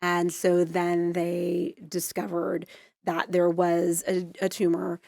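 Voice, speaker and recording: A woman in her forties, an interview guest, telling her story in a loose, rambling, animated way. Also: fairly low pitch, slow, vocal fry, no room sound, studio quality. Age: 40s. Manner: rambling, full of "like" and restarts, animated.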